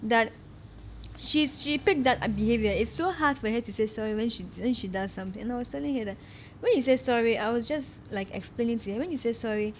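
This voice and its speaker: A woman's voice: on the high side, brisk, a little hiss or hum. A woman hosting a podcast, chatting casually and animatedly, laughing often and repeating herself for emphasis. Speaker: podcast host. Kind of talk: casual chat.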